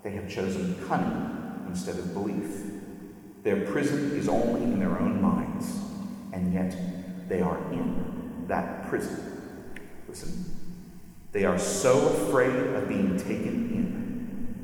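A man voicing a wise, sorrowful male lion who speaks slowly and gravely, while reading aloud. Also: deep voice, darkish tone, pitched below the performer's own voice. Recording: echoey hall with long reverb.

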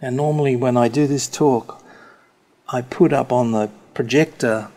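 A man preaching a sermon, speaking slowly and stressing key words deliberately. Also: medium pitch, fairly even intonation, darkish tone.

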